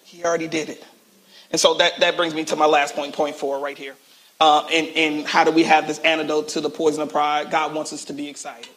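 A male pastor preaching a sermon with animated call-and-response, acting out quotes, recorded in a church. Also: on the high side, a little fast. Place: church sanctuary.

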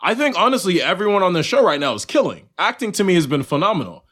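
A young man co-hosting a podcast in casual chat, animated and profane, acting out his own reactions as he talks. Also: sits high, fast, breathy edge. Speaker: podcast co-host.

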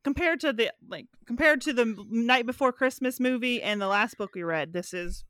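Woman co-host, brisk and chatty, slightly high, dry close sound. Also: a bit bright, no echo. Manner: quick, chatty, trails off with likes. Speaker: podcast co-host. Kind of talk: casual book chat.

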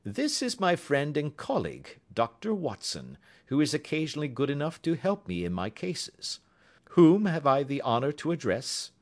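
A man's voice: on the high side, huge pitch swings, pitched above the performer's own voice. A man voicing a cool, languid detective who speaks dryly and precisely. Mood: polite. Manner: dry, measured.

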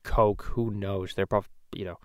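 A man's voice: on the low side, little pitch movement, unhurried, no echo, studio quality, natural voice. A man voicing a crude, rambling middle-aged cartoon dad in a casual podcast chat, talking loosely and swearing often. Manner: rambling, profane, loose storytelling.

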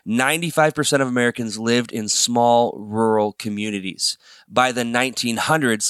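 A man's voice: mid-range voice, a bit bright, smooth, dry recording. Easygoing guy host reading from a book and chatting, chuckles a lot, dry close mic. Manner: chatty, laughs often, drifts into a put-on New York accent and out again. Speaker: podcast host. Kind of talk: casual chat, reading aloud from a book.

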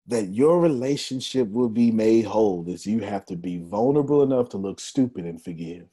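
A man's voice: lowish voice, moderate pace, hardly any pauses, breathy edge. A man giving a motivational talk, telling a story with laughs and speaking straight to his audience. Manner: animated, laughing storyteller addressing the crowd.

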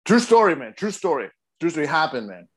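A man's voice: on the high side, sing-song, fairly quick, husky. A young man co-hosting a podcast, telling a long story in a rambling way, full of restarts and "man.". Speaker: podcast co-host. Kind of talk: casual chat.

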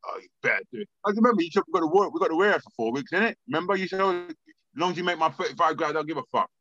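A man's voice: on the high side, racing, no room sound, muffled recording. A man with a London accent telling a long story as a podcast guest, acting out the voices of others and often restarting his sentences. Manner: animated, acts out quoted voices, frequent stammered restarts. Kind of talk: storytelling in a casual interview.

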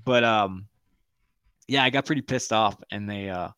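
A man telling a rough personal story as a podcast host, swearing freely and laughing often. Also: on the low side, moderate pace. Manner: profane, laughing, animated storyteller. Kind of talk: casual storytelling.

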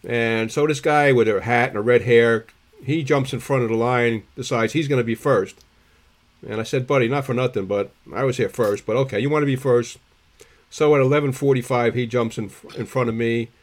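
A man, co-hosting a podcast, tells rambling stories in a husky voice and keeps clearing his irritated throat. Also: medium pitch, fairly quick. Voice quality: gravelly, husky. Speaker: podcast co-host. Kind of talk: casual storytelling chat.

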